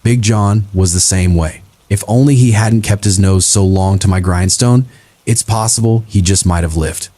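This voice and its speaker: A man reading first-person horror stories as a narrator, in a slow, brooding, confessional delivery. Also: fairly low pitch, mellow, no room sound.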